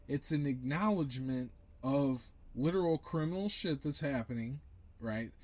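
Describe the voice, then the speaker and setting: A young man vents to camera in a blunt, profane, rambling monologue. His voice sits at an ordinary middle pitch, and his talk stays agitated throughout. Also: normal speed, darkish tone. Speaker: vlogger.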